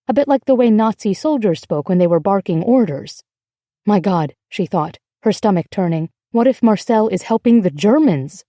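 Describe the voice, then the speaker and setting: A woman reads scripted audiobook narration in a measured, steady manner. Her voice is mellow and mid-pitched, and the recording is dry and close. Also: no echo.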